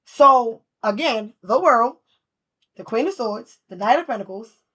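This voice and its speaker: A woman talks through a tarot spread in a casual, rambling way. Her voice is bright and forward. She laughs often and swears freely. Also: a little high, animated, measured pace, husky. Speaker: tarot reader.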